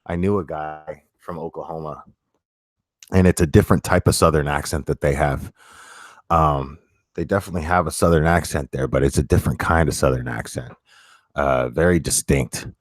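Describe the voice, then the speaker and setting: A man with a very deep voice chats casually with his audience, stumbling through restarts and fillers. He talks bluntly and swears freely. The sound is dry and close, with no room echo. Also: steady tone. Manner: halting, many restarts and fillers. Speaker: streamer reading chat. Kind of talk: casual chat.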